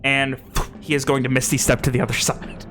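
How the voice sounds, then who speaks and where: A man's voice: medium pitch, level tone, brisk, music in the background. A man narrating as game master in a casual tabletop session, swearing freely and acting out how the players react.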